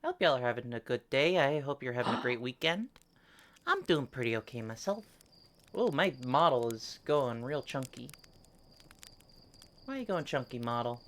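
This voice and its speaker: A woman's voice: very deep voice, sing-song, moderate pace, long pauses, a little hiss or hum. A young woman streaming a game, chatting casually in a playful, jokingly whiny way. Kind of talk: casual live-stream chat.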